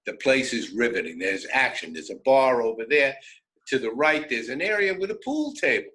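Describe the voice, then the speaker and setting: An older man with a New York accent spins a road story in a bright, forceful voice that sits at an ordinary pitch for a man. He talks in an animated, wry, conversational way, like someone recalling his own youth for radio listeners. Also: moderate pace, poor audio. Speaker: radio host. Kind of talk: personal storytelling.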